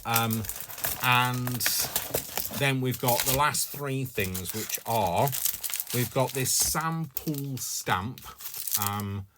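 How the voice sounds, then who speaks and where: A man leisurely hosts his craft haul video, rambling through his thoughts with plenty of filler words. His voice sits a little low, and his pace is unhurried. A faint noise hangs behind him. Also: a bit bright. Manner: chatty and rambling with frequent ums and asides; jokey, self-mocking humour. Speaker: craft vlogger. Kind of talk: casual haul vlog talking to camera.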